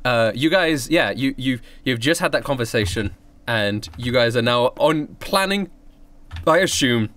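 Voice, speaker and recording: A man running a streamed tabletop game as game master, laughing often and talking in an animated way. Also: mid-range voice, unhurried. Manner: giggly, animated.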